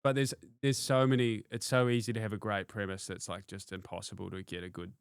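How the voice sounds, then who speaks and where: A man's voice: fairly low pitch, flat delivery, a little fast, creaky, smooth, no room sound, studio quality. A man, a comedian guest on a podcast, laid-back and self-deprecating, often trailing off mid-thought. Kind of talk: casual chat.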